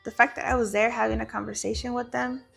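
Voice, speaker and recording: A woman's voice: fairly high pitch, flat delivery, fast talker, creaky, a bit bright, breathy edge, faint music behind. A woman talking frankly and profanely as a guest, telling a personal story with Spanish phrases mixed in.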